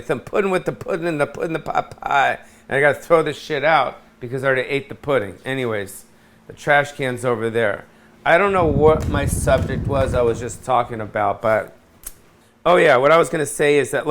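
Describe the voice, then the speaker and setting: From his apartment, a middle-aged man hosts a solo rant, rambling, cursing, and repeatedly losing his train of thought. His voice is mid-range with a fairly bright tone, and his manner is scattered and profane.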